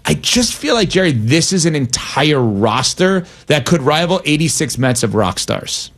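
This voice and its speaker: A man's voice: a little high, sing-song, normal speed, a bit bright. A man in casual conversation, eager and chatty. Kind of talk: casual chat.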